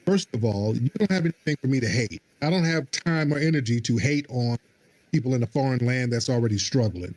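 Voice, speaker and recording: Husky-voiced combative male host. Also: medium pitch, a little fast. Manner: combative, mocking, animated. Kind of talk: call-in livestream talk.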